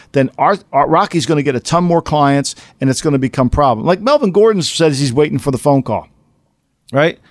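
Animated man in dry close-mic sports talk. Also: no room sound. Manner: animated, rising to incredulous highs. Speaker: podcast co-host.

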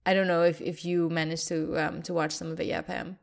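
A woman's voice: on the low side, flat delivery, a little fast, creaky. Chatty woman hosting a podcast. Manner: chatty, laughs often. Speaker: podcast host. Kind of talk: casual podcast chat.

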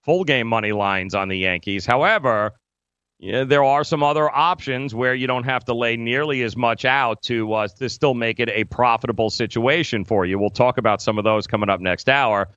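A man's voice: mid-range voice, normal speed, a bit bright, smooth, no echo, lo-fi sound. A man hosting a fantasy sports radio show, talking casually with lots of filler words. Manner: rambling with many fillers.

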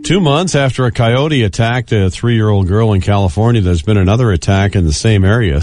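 Low-voiced male co-host, relaxed delivery. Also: no echo. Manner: relaxed, fills with uh. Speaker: radio co-host. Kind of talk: reading news items casually.

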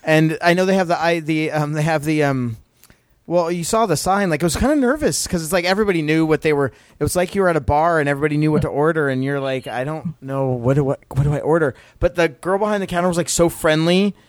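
A middle-aged man co-hosting a podcast, chatting casually in an excited, rambling way and acting out quotes. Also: a little high, fast, clean tone, no room sound, clean studio sound. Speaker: podcast co-host. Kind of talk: casual chat.

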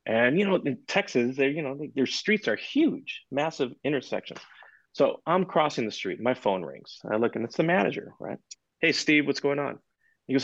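A man in a podcast interview, telling anecdotes in an animated way and acting out the dialogue in them. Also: mid-range voice, normal speed, dry recording, dull audio. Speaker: guest percussionist.

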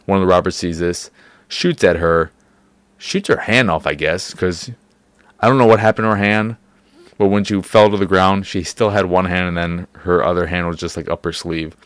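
A man's voice: sits low, steady tone, normal speed, fairly bright tone, no echo. A man hosting a podcast, rambling in casual talk with lots of fillers and hedges. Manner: rambling, hedging, many fillers. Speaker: podcast host.

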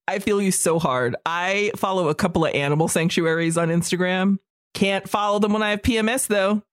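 A woman in her thirties co-hosts a podcast in casual chat, telling stories with animation and frequent laughter. Her voice sits at a middle pitch and sounds close and dry, with no room echo. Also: a little fast. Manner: animated storytelling, breaking into laughter. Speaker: podcast co-host.

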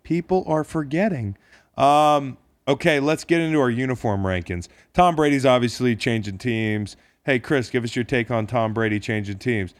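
Co-hosting a casual sports podcast, a man with a medium-pitched voice talks at a moderate pace in a jokey, profane, rambling style full of restarts. There's no room sound.

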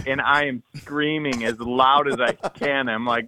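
Animated man telling a hunting story. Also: medium pitch, unhurried, few pauses, rough recording. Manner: animated, loud bursts, frequent "like", acts out texts and quotes. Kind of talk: excited storytelling.

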